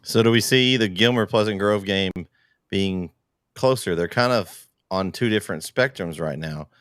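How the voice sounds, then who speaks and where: A man's voice: lowish voice, normal speed, fairly bright tone, dry recording, studio quality. A man co-hosting a sports show who presses the others with probing questions. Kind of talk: casual sports talk.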